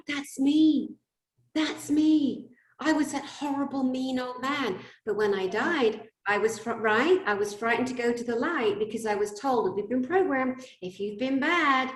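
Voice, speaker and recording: A woman hosting a spiritual interview, talking animatedly and acting out stories. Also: fairly high pitch. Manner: animated, acts out scenes in shouted quotes. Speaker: host. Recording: roomy echo.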